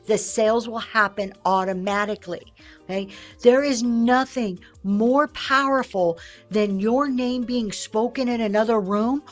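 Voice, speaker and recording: Brief: woman, fairly high voice, livestream host coaching sellers, lively, acts out quotes, faint music under her. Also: measured pace. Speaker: live-selling host. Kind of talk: livestream teaching talk.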